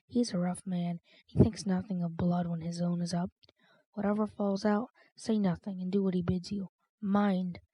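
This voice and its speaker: A wheedling old thief from an audiobook, full of sly banter and muttered warnings, voiced by a woman reading the story. The voice sits low and dark with a husky grain. It keeps a flat, even line. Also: moderate pace, no echo. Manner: bantering, coaxing, with sudden warnings.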